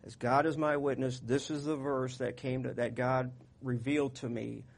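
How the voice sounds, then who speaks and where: A man preaching a sermon in a folksy, conversational way, getting louder when he reads scripture. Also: mid-range voice, level tone, normal speed, vocal fry. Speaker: pastor.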